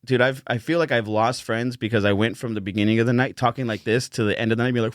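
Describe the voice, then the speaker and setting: A man's voice: mid-range voice, fast, few pauses, dry recording. Laughing man telling stories, dry sound. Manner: laughing, animated storytelling. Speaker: comedian guest. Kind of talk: casual podcast chat.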